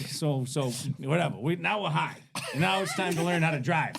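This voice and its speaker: A man in his forties, a podcast guest, telling a story casually in a rambling, profane, animated way with many restarts. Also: fairly high pitch, a little fast, vocal fry, slight background noise.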